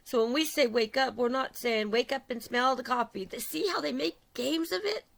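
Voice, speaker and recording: Gravelly woman preaching urgently. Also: high voice, moderate pace, fairly bright tone. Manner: urgent, repetitive, rises in intensity. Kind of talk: impassioned religious sermon.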